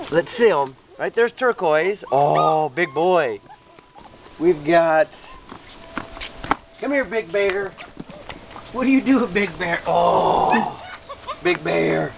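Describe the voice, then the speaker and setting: A woman's voice: fairly low pitch, lively intonation, takes it slowly, creaky, long pauses, background noise. A woman making a home video, calling and cooing to her puppies in sing-song baby talk. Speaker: puppy owner.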